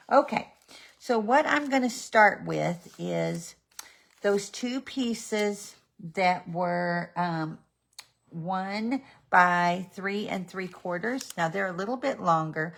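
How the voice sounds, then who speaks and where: Slow, gravelly woman demonstrating crafts. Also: medium pitch, animated, fairly bright tone, slight background noise. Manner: slow, chatty, talks to her pet between steps. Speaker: stamping demonstrator.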